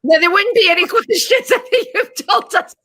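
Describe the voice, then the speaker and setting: A woman's voice: very high-pitched, normal speed, pushed and bright. A woman hosting a casual interview, asking friendly, encouraging questions. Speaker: host.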